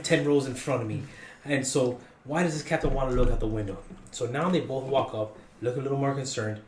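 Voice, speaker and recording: A man's voice: fairly quick, noisy background. Man telling a story in a roomy room. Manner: animated, jokey, rising in pitch for punchlines. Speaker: podcast guest telling a story. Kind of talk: casual storytelling.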